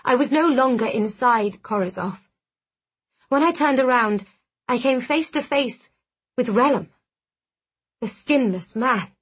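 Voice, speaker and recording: A woman reading a first-person dark fantasy audiobook in a measured, dramatic way. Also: fairly high pitch, animated, slightly rough. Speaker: audiobook narrator. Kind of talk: first-person scripted narration.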